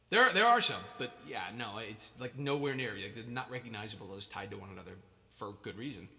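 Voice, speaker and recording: Bright-voiced man chatting on a live stream. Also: medium pitch. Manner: rambling, self-mocking, jokey. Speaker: musician hosting a live stream. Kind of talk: casual chat between songs. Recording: reverb with guitar in background.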